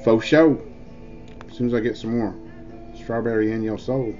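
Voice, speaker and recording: A man's voice: lowish voice, completely flat delivery, fairly quick, mellow. A man rambling through a casual, jokey vlog review, full of filler words. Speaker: e-juice reviewer. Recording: dull lo-fi with faint music.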